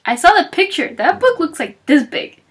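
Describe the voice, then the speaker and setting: A woman giving a casual book talk, chatty and animated, acting out characters' lines as she retells the story. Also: extremely high pitch, moderate pace. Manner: chatty with frequent fillers and laughs. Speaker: book reviewer.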